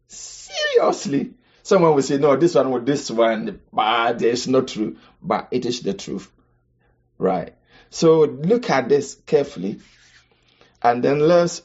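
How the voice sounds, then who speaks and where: A man from Ghana, teaching about marriage on a podcast, emphatic, with rhetorical questions and sudden high-pitched exclamations. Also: a little mellow, slightly rough, lo-fi sound.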